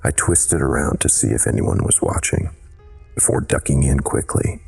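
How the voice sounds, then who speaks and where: A man reads a horror story aloud in measured, dramatic scripted narration. His voice is extremely deep, with a rough, husky grain. Faint music plays underneath. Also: darkish tone.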